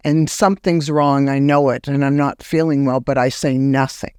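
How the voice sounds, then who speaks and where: Woman guest, animated storyteller, dry recording. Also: clear, resonant tone, no echo. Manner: animated, acts out remembered words in a higher voice; halting restarts when recounting. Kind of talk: personal storytelling in a podcast interview.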